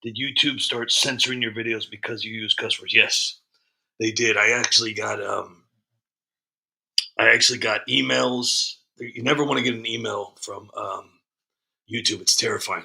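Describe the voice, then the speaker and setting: A man chats casually on his livestream, greeting viewers and reading their comments. He talks in a rambling way. His voice is strikingly bright, with a gravelly edge. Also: on the low side, fairly even intonation, normal speed. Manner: rambling, frequent ums and restarts. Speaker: livestream host.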